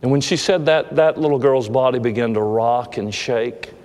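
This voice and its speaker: Man, preacher, sermon storytelling, dramatic loud-and-hushed delivery, long hall reverb. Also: mid-range voice. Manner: dramatic, swings between loud emphasis and hushed slow passages.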